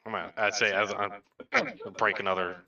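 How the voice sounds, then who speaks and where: A man's voice: fairly low pitch, flat delivery, normal speed, bright, forceful tone, echoey room, recorded from a distance, dull audio. A man playing in a tabletop game, boastful and playful, often restarting his sentences. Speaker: player. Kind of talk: in-character tabletop play.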